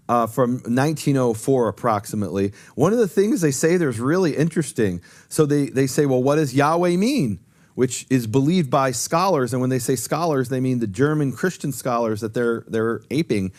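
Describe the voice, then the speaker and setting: A man's voice: mid-range voice, animated, normal speed, a little mellow. A man giving a detailed, emphatic explanation as a guest on a talk show, repeating key points. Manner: earnest, lecturing, emphatic repetition. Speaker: guest teacher on Hebrew.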